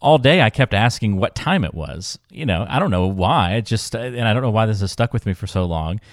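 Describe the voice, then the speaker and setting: A man co-hosting a financial podcast, chatting casually and telling relaxed stories with easy laughs. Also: fairly low pitch, brisk, dry recording, studio quality. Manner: relaxed storytelling, laughs easily. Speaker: podcast co-host.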